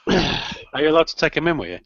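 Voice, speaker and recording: Chatty British biker, dull call audio. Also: male voice, on the high side, very animated, quick pace, fairly bright tone, no room sound. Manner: chatty, storytelling with dry humour. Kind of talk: casual group chat on a live stream.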